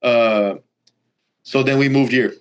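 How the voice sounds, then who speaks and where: A young man from Brazil, telling stories as a guest in a casual interview, animated and full of "like" and "you know". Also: medium pitch, slow pace, clear, resonant tone. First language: Portuguese. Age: young adult. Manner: animated, acts out quoted lines, filler-heavy. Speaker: college baseball player, guest. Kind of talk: casual storytelling.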